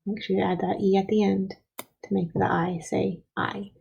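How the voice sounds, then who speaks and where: A woman leads a spelling and writing lesson for young children, sounding out each letter and word slowly and patiently. Her voice is gravelly and husky, with a dark, mellow tone. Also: medium pitch, level tone, lo-fi sound. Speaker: teacher.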